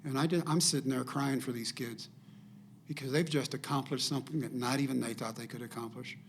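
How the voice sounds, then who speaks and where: An older man spins a personal story as a podcast guest, slipping into the voices of the people in it. His voice is gravelly, sits at an ordinary middle pitch, and carries faint background noise. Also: a little fast. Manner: animated storyteller acting out quoted dialogue.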